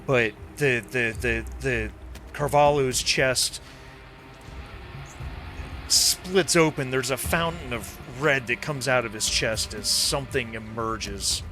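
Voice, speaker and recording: Male game master, medium pitch, halting casual narration, clear music behind. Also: sharp tone. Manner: casual, halting with many fillers.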